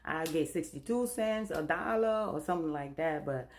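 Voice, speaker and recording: A woman's voice: sits low, moderate pace, slight background noise. Chatty woman telling a story. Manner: chatty, animated, acts out the voices in her story. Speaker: storyteller vlogger. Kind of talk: casual storytime vlog.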